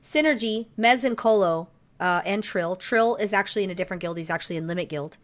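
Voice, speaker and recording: A woman co-hosting a podcast, telling a story in casual chat, animated, swearing freely, with laughs and frequent throat clearing. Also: medium pitch, quick pace. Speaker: podcast co-host.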